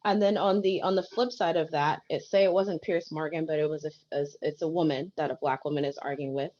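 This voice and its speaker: Animated woman podcast guest, muffled audio. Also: low-pitched, fairly quick. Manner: animated storytelling, acts out quoted people. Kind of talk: casual podcast discussion.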